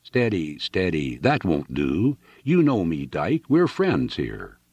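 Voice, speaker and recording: A man voicing a gruff, hot-tempered male ranch owner who barks blunt orders. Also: fairly low pitch, sing-song, moderate pace, darkish tone, no room sound, exaggerated voice. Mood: urgent.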